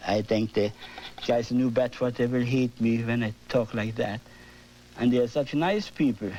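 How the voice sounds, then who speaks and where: An older man with a German accent, teaching oil painting on his TV show, animated and often asking "you see?". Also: mid-range voice, normal speed, muffled recording. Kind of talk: painting demonstration. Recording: worn 1980s videotape audio with hum.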